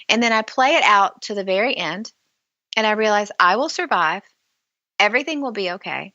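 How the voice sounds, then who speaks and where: A woman's voice: mid-range voice, lively intonation, fairly quick, sharp tone, no room sound, lo-fi sound. A woman author, a guest on a podcast interview, giving candid advice and acting out remembered conversations as she tells stories. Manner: candid storyteller, acts out dialogue.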